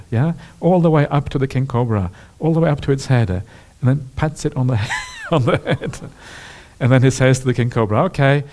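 A man giving a dharma talk at a retreat, telling stories in a relaxed way with many pauses and soft laughs. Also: mid-range voice. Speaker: Buddhist monk teacher. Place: retreat hall.

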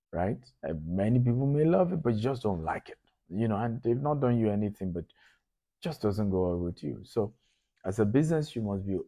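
A middle-aged man from Nigeria talks entrepreneurs through a business lesson in a low, mellow, husky voice. He keeps it conversational and repeats his points for emphasis. The sound is close and dry. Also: no room sound. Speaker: business lecturer. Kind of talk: lecture to entrepreneurs.

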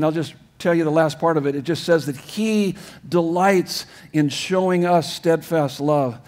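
Emphatic pastor preaching a sermon. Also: male voice, on the high side. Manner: emphatic, swings from loud urging to soft hushed tones; repeats words and restarts phrases. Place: church sanctuary.

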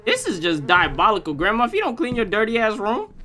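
A young man hosting a gaming channel, joking and trash-talking his way through a horror game, swinging from low mutters to loud yelps. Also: very animated, a little fast, hardly any pauses. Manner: joking trash talk at the game's granny. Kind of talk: horror game let's play commentary.

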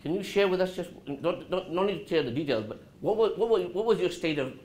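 A fast-talking man gives an interactive talk to a college class, his lively, swinging voice animated as he asks students questions and drops low and soft to show calm. The sound is roomy with faint background noise.

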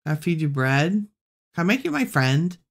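A woman hosting a relaxed let's-play, musing aloud and chatting to the animals she meets in the game. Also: low-pitched, moderate pace. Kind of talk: relaxed gameplay commentary.

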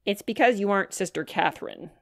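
Woman doing a gruff, serious little boy. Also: mid-range voice, animated, fast talker, no echo, clean studio sound. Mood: firm. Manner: gruff, firm.

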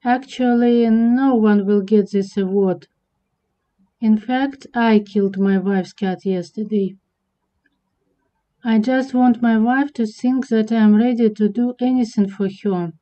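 A woman's voice: fairly high pitch, steady tone, a little slow, dark tone, natural voice. A woman voicing a scheming cartoon man who speaks in a sly, confiding way. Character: scheming man placing a newspaper ad. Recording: dull lo-fi recording.

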